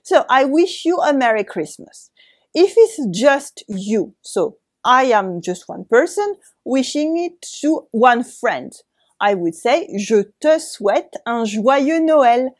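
A French-accented woman gives a lesson to camera. Her voice sits somewhat high, and she takes her time, repeating each word slowly so learners can follow. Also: sing-song. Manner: slow, careful, repeats words for drill. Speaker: French teacher.

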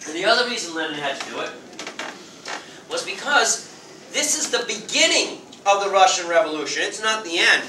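A man teaching a high school history class, lively and playful, acting out quick voices for the people in his story. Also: background noise. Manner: lively, acts out quick voices of nations and leaders. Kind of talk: classroom lecture. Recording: roomy classroom sound from far off.

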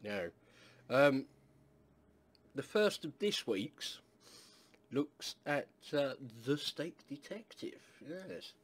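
Slow, husky English man reviewing sauces. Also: a little high, very animated. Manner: rambling, with many fillers and asides. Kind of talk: casual review chat.

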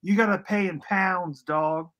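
High, bright-voiced joking man. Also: steady tone, a little slow, dull audio. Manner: jokey, slangy banter. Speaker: co-host. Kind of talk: casual fan-show chat.

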